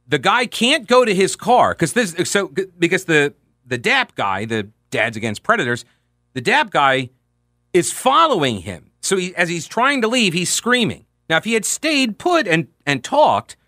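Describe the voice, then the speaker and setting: A male radio talk host speaks in an emphatic, conversational manner, walking listeners through events with obvious relish. His voice is bright and forceful, set a little high, and it sounds dry and close to the mic. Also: no echo.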